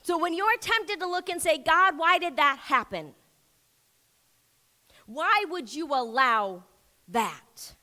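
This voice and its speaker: A woman pastor delivering an emphatic sermon, rising to loud declarations and dropping to soft, near-whispered prayer. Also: sits high, lively intonation, takes it slowly, long pauses.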